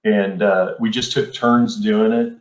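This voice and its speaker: Brief: middle-aged male host, easygoing rambling storyteller, lowish voice, echoey room. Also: fairly even intonation, a little slow, darkish tone. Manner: laid-back, rambling with many fillers. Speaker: podcast host. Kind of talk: casual storytelling chat. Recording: roomy echo.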